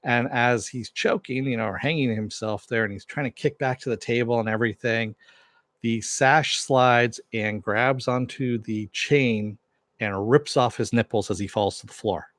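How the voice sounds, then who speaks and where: A man's voice: medium pitch, moderate pace, a bit bright, dry recording, studio quality. A man giving a casual, rambling recap of a TV episode, full of fillers and asides. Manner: rambling, filler-heavy storytelling. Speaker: TV recap reviewer.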